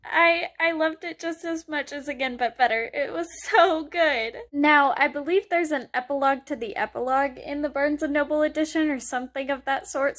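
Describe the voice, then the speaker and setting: A woman's voice: high-pitched, a bit bright. A young woman vlogging casually about a book she is reading, gushing and emotional, laughing often.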